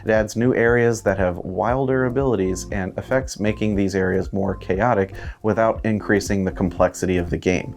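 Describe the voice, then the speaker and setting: A man hosting a board game news roundup, reading a steady script. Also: on the low side, moderate pace, vocal fry, hardly any pauses. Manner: steady read-aloud delivery. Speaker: host.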